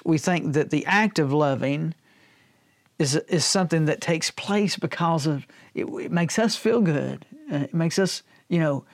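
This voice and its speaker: This male pastor's voice sits a little high, captured in a dry, studio-quality recording. His sermon is casual and humorous, and he keeps checking on his audience with "all right?"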